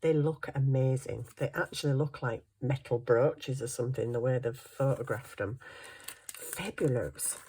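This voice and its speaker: A woman's voice: extremely low pitch, moderate pace, dark tone, husky. A middle-aged woman, chatting casually and thinking aloud as she works on a craft project. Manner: chatty, thinks aloud while working, self-deprecating. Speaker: craft vlogger. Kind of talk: casual chat while crafting.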